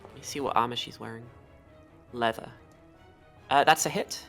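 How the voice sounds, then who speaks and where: Low-voiced woman running a tabletop game. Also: creaky, a bit bright, faint music behind. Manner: halting, lots of fillers and restarts. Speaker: game master.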